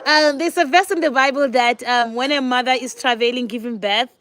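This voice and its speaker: A talkative woman in her forties speaks in a high, bright register. She chats casually to her viewers from home. She laughs easily. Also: fairly quick. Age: 40s. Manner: chatty, talks to viewers, laughs often. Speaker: vlogger, mother. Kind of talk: casual sit-down chat.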